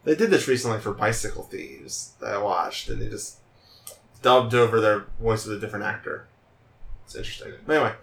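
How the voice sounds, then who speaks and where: A podcast co-host chatting casually about a film, jokey and quick to chime in. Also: medium pitch, vocal fry. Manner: jokey, animated, interjects often. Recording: roomy, echoey sound.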